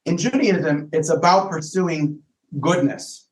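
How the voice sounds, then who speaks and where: A man's voice: fairly high pitch, takes it slowly. Man speaking in an echoey room. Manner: thoughtful, repeats words while searching for phrasing. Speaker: rabbi, podcast guest. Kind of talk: casual explanatory conversation.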